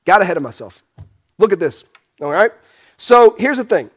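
A man's voice: high-pitched, lively intonation, normal speed, slightly rough. A man preaching a Bible sermon, emphatic, asking rhetorical questions and restarting phrases as he goes. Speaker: pastor.

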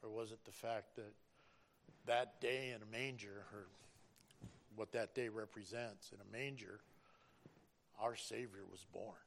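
A man's voice: fairly low pitch, fairly even intonation, unhurried, creaky, long pauses, a bit bright. A middle-aged man giving an earnest, preacherly personal testimony about driving a school bus.

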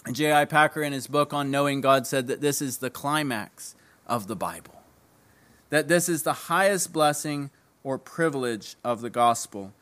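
Bright, emphatic male preacher. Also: moderate pace. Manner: emphatic, repeats key phrases, drops low at line ends. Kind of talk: sermon.

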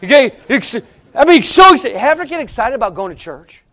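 High-voiced folksy preacher. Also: male voice, fast talker. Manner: folksy, animated, joking, rising to near-shouts. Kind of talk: sermon with storytelling.

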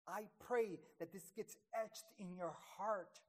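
Speaking at a medium pitch, a woman delivers an emphatic sermon. She drops to a hush, rises loud again, and slows down on key words.

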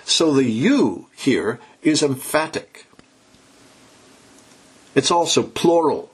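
Emphatic male preacher, lively husky voice. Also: a little high. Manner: emphatic, exhorting, slows to stress key words. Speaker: pastor. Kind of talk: sermon.

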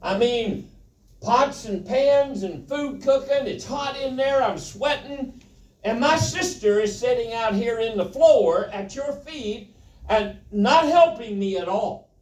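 Brief: male preacher acting out an exasperated woman stuck with all the work, high-pitched and pleading, caught in a hall from afar. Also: animated, takes it slowly, full character voice. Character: flustered overworked woman complaining to her guest. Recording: roomy, from a distance.

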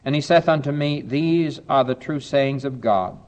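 A man preaching a sermon, earnest and steady, slowing down to read scripture aloud and adding light asides to his congregation. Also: mid-range voice, lo-fi sound. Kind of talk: sermon with Bible reading.

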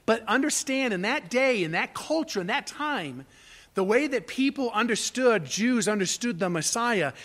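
Male pastor preaching, high bright voice, impassioned, loud pleading peaks. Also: lively intonation, moderate pace. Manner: impassioned, rising to near shouts on quoted cries. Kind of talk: sermon.

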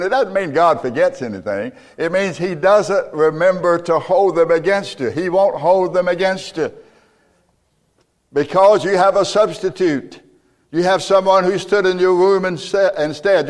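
Emphatic preacher man in echoey church. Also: a little high. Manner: emphatic, rises to loud preaching peaks. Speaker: pastor. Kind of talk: sermon.

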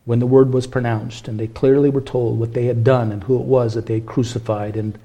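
Pastor guy preaching, mid-pitched voice, goes soft then builds up loud and fervent. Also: level tone, fairly quick. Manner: impassioned preaching, swinging from hushed to ringing. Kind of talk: sermon.

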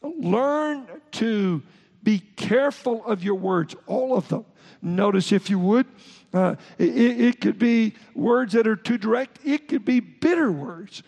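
A man's voice: sits high, animated, slow, vocal fry, darkish tone. A man preaching a sermon as pastor, speaking in short emphatic phrases and often restarting mid-sentence. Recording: long hall reverb.

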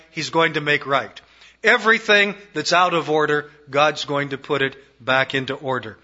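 Bright-voiced emphatic male preacher. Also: a little slow. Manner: emphatic, swinging between raised declarations and hushed low phrases. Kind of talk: sermon. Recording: dull lo-fi recording.

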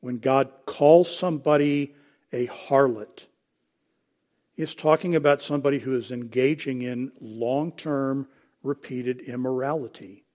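A man preaches on scripture, citing verses, calling his listeners folks, and clearing his throat at intervals. He speaks with a steady, darkish tone at medium pitch and a measured pace.

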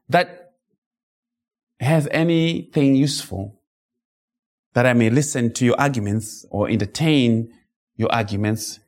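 Slow, emphatic male preacher. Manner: emphatic, rhetorical, with sudden high-pitched outbursts; reads scripture slowly and dramatically. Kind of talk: expository sermon.

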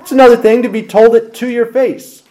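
A man preaching a sermon as pastor, asking rhetorical questions and swinging between loud emphasis and quiet asides. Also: extremely high pitch, fairly even intonation, fairly quick.

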